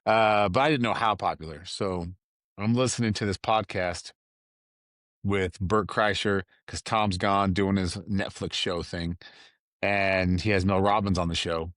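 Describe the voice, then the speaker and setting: Laid-back man, low dry voice. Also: steady tone, a little slow, fairly bright tone, dry recording. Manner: rambling, loose and conversational with fillers and asides. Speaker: podcast host. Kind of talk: casual solo chat.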